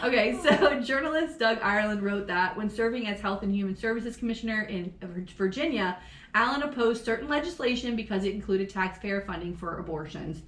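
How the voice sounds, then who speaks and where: A woman from Florida co-hosting a casual true-crime podcast, swearing freely and laughing through animated storytelling. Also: mid-range voice, brisk, reverberant. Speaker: podcast co-host.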